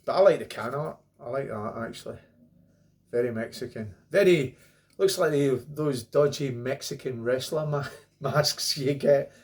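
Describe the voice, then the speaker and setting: A man's voice: medium pitch, a little slow, a little mellow. A middle-aged man with a Scottish accent talks his way through a beer review to camera. He is chatty and rambling, tossing in jokey asides as he goes. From Scotland. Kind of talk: casual beer review monologue.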